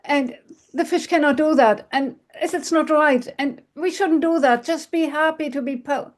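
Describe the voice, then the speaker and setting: A woman's voice: high voice, normal speed, pitched above the performer's own voice, natural voice. A woman voicing a timid old fisherman who stammers and pleads in fear. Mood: frightened, pleading.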